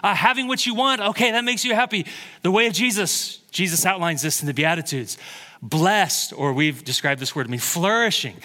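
A man preaching a sermon as pastor, telling stories with animated energy and laughing at his own jokes. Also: sits high, brisk, big-room sound.

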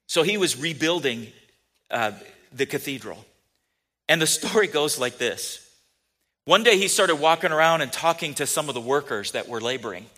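A male pastor preaching a sermon in church, conversational and halting, repeating words and swinging between soft and emphatic. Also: medium pitch.

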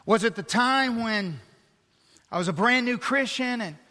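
A middle-aged pastor with a high, bright voice preaches an animated sermon, full of storytelling and sarcastic asides. His voice rings out with a long reverb from the church hall. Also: unhurried. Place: church sanctuary.

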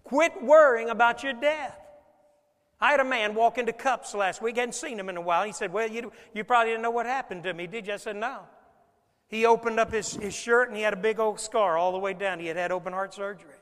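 Speaking a little quickly in a high, slightly bright voice, a pastor preaches amid long hall reverb. He acts out the stories he tells and poses questions to the congregation.

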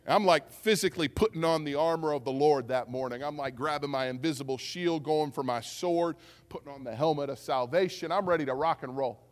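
A man's voice: a little high, a little fast. Male pastor preaching in a reverberant church. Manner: storytelling, animated, acts out quotes. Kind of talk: sermon. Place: church sanctuary. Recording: church hall with long reverb.

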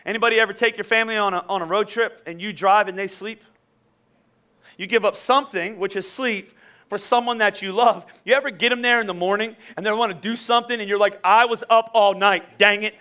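Bright high-voiced man preaching. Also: fairly even intonation, fast talker. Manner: conversational preaching, rises to emphatic peaks. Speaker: pastor. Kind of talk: sermon.

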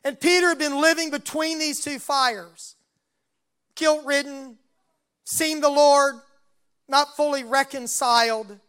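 A man's voice: very high voice, fairly even intonation, takes it slowly, long pauses, sharp tone. A man preaching a sermon and retelling a Bible story, voicing its dialogue along the way.

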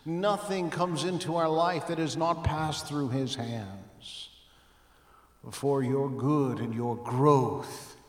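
A man preaching a sermon as pastor, emphatic with dramatic rises and drops in his voice. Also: medium pitch. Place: church sanctuary. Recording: echoey church hall.

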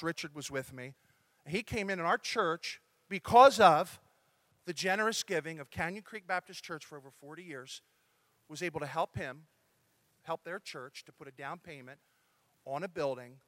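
A man preaching a sermon as pastor, talking to his congregation in a lively, conversational way. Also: on the high side, no echo.

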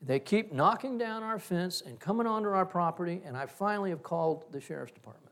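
A man's voice: high-pitched, lively intonation, a little fast, fairly bright tone, pitched above the performer's own voice. A man voicing an angry male neighbor, curt and indignant. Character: angry middle-aged male neighbor, fuming.

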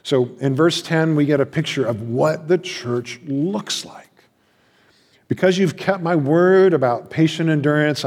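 A man preaching a sermon as a pastor, passionate, swinging between loud emphasis and hushed asides. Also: medium pitch. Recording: long hall reverb.

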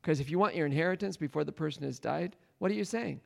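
A man's voice: a little high, fast talker, vocal fry. A man leading a Bible study, retelling a story and questioning his listeners, laughing often. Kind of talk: interactive Bible teaching.

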